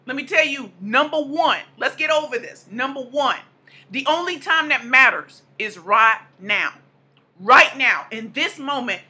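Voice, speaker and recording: A woman's voice: high voice, bright, forceful tone, husky. A woman in her thirties giving a motivational speech, emphatic and repeating lines for punch. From American South / Midwest. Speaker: motivational speaker.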